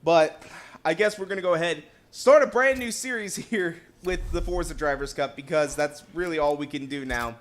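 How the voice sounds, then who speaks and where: Male gaming host, young adult, high-pitched, excitable casual commentary with quick shifts in volume. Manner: excitable, chatty, jumps between loud outbursts and quiet asides. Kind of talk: casual let's play commentary.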